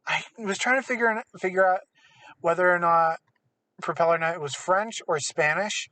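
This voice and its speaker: A podcast co-host chats casually, rambling and correcting himself as he goes. His high voice is bright and forceful at a moderate pace; he is distant from the mic, though there is no room sound.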